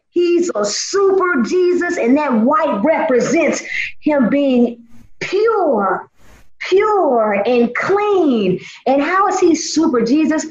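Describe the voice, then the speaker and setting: A woman leads a children's church lesson in a playful, theatrical way. Her voice sits high and swoops all over its range. The sound is roomy and a little dull.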